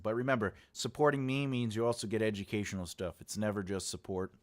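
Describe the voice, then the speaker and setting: A man's voice: fairly low pitch, fairly even intonation, quick pace. A man from the United States hosting his channel as an author, rambling casually and repeating his phrases as he talks to viewers. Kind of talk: casual livestream chat.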